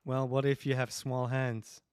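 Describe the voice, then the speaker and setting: A man's voice: medium pitch, flat delivery, a little slow, smooth, no echo. A man streaming a roleplay game, talking in a dry, laid-back way and thanking viewers. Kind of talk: live game stream chat.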